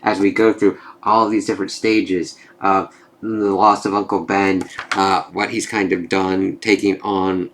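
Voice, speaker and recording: Young guy rambling through a comic review, kinda low voice, swears a bunch. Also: level tone, measured pace, slight background noise. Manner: casual, rambling, swears freely, lots of filler words. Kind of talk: casual video review.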